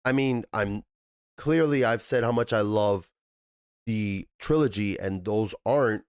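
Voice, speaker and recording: A man hosting a TV review channel, ranting in an animated, profane way and jumping up into high, exasperated bursts. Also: measured pace, smooth, no room sound, clean studio sound.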